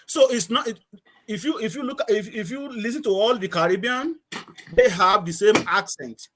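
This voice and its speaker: Antiguan man, high-pitched, rambling anecdotal guest on a call. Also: moderate pace, fairly bright tone. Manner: storytelling, repeats words, laughs often. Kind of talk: casual chat.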